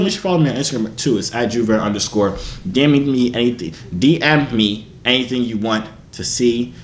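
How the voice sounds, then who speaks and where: A man's voice: mid-range voice, animated, fairly quick, hardly any pauses. Playful, teasing young man in an echoey room. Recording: echoey room, faint background hiss.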